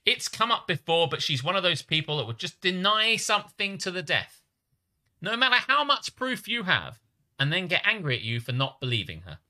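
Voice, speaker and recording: A man co-hosting a comedy podcast, laughing easily and reading posts aloud in a casual, playful way. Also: high-pitched. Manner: giggly, lively, breaks into silly voices. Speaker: podcast co-host.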